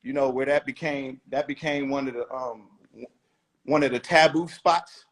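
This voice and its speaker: A man's voice: medium pitch, steady tone, normal speed. A man talking as a rapper guest in a casual interview, blunt, emphatic and profane.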